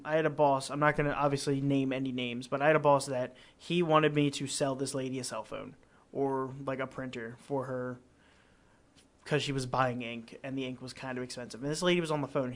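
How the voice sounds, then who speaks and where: A young man hosting a casual podcast chat, telling animated customer-service stories and acting out customers. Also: mid-range voice. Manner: animated storyteller, acts out customers. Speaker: podcast host.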